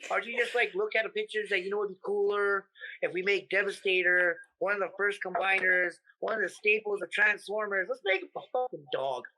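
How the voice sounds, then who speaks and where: A man from the United States, a comedian guest in a casual interview, talking in an animated, profane way and acting out his stories. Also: high-pitched, a little fast, rough recording.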